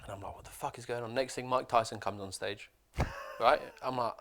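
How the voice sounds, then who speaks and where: A man's voice: mid-range voice, steady tone, fairly quick, fairly bright tone. A man co-hosting a podcast, telling a story in casual chat with lots of swearing. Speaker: podcast co-host.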